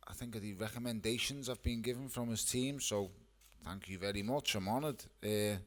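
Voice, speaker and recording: A boxer at a press conference who answers with blunt jokes and casual swearing. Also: male voice, on the low side, moderate pace.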